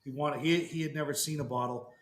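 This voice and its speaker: A podcast host in relaxed casual chat who swears casually. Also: male voice, a little high, fast talker, a crowd in the background. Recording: echoey room, faint noise.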